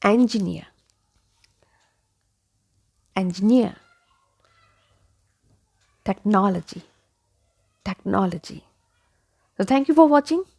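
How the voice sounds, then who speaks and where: A woman teaching English pronunciation, saying single words slowly and repeating each one carefully. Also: medium pitch, lively intonation, gravelly, darkish tone. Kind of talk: pronunciation lesson.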